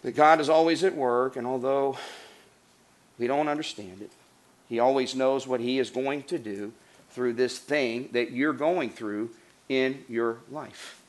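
A man preaching a sermon as pastor, earnest, rising to emphatic lines and dropping to soft hushed passages. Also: mid-range voice, steady tone, a little slow.

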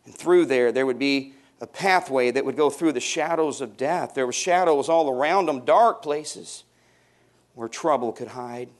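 Preaching man, hushed to booming. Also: unhurried. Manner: swings from hushed to loud, rising emphatic passages; calls for congregation responses. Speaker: pastor. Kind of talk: sermon.

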